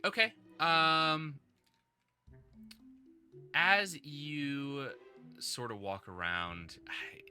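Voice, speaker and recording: A man's voice: a little high, extremely slow, long pauses, bright, forceful tone, faint music behind. A man running a tabletop game as game master, narrating casually with lots of fillers. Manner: casual, chatty, with many fillers.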